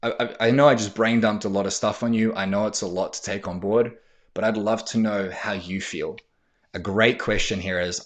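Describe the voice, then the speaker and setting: A man's voice: fairly low pitch, steady tone, a little fast. A man hosting a podcast, coaching men on talking with their partners in a direct, blunt way, swearing freely and acting out sample lines. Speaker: podcast host and men's coach. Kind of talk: casual instructional talk.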